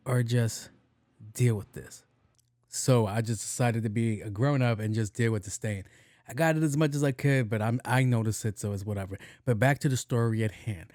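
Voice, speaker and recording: A man's voice: mid-range voice, no echo. A man with a middle-range voice recounts a workplace mishap as a podcast host, swearing freely and acting out every exchange. The sound is dry and close, with no room around it. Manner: profane, animated storyteller who acts out dialogue. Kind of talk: casual comedic storytelling.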